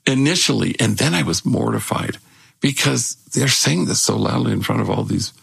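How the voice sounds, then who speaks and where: An older man with a gravelly, husky voice, telling stories in casual conversation as a guest and lifting his voice when he quotes people. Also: fairly low pitch, normal speed, no echo. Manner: animated when acting out quotes. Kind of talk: conversational storytelling.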